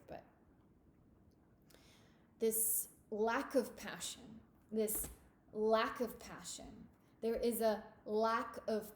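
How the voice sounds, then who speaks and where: Woman tarot reader, unhurried and emphatic, intimate with listener, echoey room. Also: fairly high pitch. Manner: intimate, emphatic, addresses listener as darling and babe. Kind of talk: tarot reading monologue.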